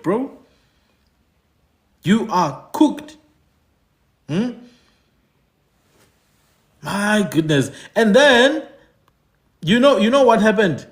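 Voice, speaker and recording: Man, emphatic talk-show commentary, high and swooping delivery. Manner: emphatic, repeats points, asks "hmm?". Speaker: podcast host. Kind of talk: animated commentary.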